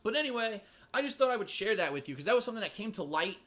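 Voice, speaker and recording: A man's voice: high-pitched, very animated, rapid-fire, a bit bright, a little hiss or hum. A man in a vlog clip, talking earnestly and rambling about his channel, repeating himself. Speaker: YouTuber. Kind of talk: vlog monologue.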